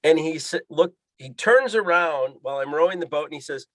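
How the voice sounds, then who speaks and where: A man's voice: on the high side, expressive, a little fast, fairly bright tone, no room sound. A man telling a story as a podcast guest, acting out the voices in the dialogue he quotes. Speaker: guest, pilot and fishing guide. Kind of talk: animated storytelling.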